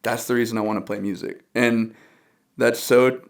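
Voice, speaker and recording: Young dude from dallas chatting on a podcast, earnest storyteller, acts out quotes, laughs a lot. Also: male voice, mid-range voice, fairly even intonation, moderate pace, vocal fry. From Dallas area. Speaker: guest musician. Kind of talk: casual podcast conversation.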